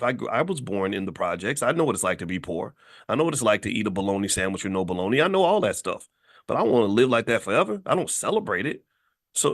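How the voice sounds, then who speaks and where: A man's voice: on the low side, creaky, fairly bright tone, dry recording, studio quality. A man from Louisville, Kentucky, hosting his own show and talking in a passionate, colloquial, preachy commentary. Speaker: show host. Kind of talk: commentary monologue.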